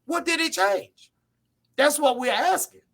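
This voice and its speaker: High, bright-voiced man debating casually. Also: animated, unhurried. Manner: blunt, repetitive, reads viewer comments aloud. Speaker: live stream co-host.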